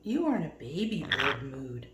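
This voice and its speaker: A woman's voice: big pitch swings, normal speed. Sing-song woman coaxing her pet bird. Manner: coaxing sing-song baby talk with sudden high squeaks. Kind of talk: baby talk to a pet. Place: room at home. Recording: echoey home room, faint noise.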